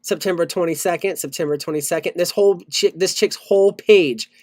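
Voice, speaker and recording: A man co-hosting a podcast, ranting loudly in casual chat and swearing a lot. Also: high voice, a little fast, no echo. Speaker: podcast co-host.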